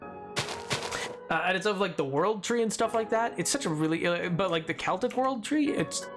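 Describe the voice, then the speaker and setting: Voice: medium pitch, lively intonation, normal speed. A streamer from Britain chatting casually on a live stream, rambling and playful, often breaking off mid-thought. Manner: rambling, playful, self-interrupting. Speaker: game streamer. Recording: stream audio with music underneath. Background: background music from the stream.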